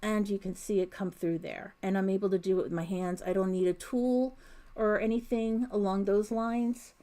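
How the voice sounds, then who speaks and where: A woman's voice: mid-range voice, steady tone, moderate pace, dark tone. A middle-aged woman hosting a crochet livestream from home, chatting casually and reading viewer comments aloud on a desk mic. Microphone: desk mic picking up room sounds.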